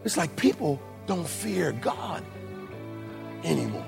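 A man preaching a sermon as pastor, moving between shouted lines and low, quiet asides. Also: big pitch swings, slow pace, vocal fry, over music. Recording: long hall reverb.

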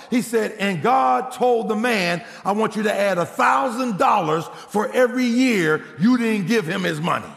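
A man preaching a sermon as a pastor, telling a story in an animated way and acting out the people he quotes. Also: high-pitched, normal speed, creaky, hardly any pauses. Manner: animated, acts out quotes, laughs. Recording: long hall reverb.

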